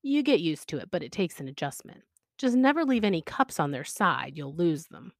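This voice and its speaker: A woman's voice: lowish voice, big pitch swings, normal speed, no echo, clean studio sound. A woman reading aloud the lines of a cheerful, chatty young man proudly showing off his run-down house. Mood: upbeat. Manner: upbeat, chatty.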